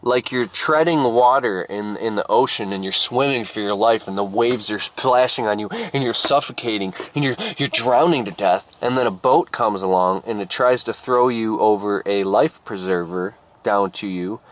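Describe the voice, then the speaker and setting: A man giving an improvised motivational story in an animated, emphatic way. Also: normal speed, few pauses, slight background noise. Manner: animated, emphatic, jumps up in pitch for effect. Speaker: motivational speaker.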